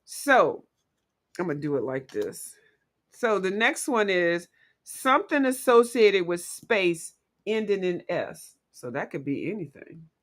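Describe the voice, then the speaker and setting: A woman hosting a casual livestream, chatting playfully with viewers and quick to laugh. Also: fairly low pitch, very animated. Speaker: livestream host.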